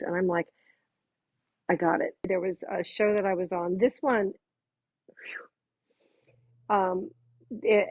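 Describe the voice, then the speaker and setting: A woman with a husky, breathy voice tells a personal story from her working life, heartfelt and animated whenever she quotes someone. Her voice comes through a narrow, tinny phone-like line. The sound is dry and close, with no room around it. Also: fairly low pitch, no echo. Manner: heartfelt, animated when quoting others. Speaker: makeup artist guest.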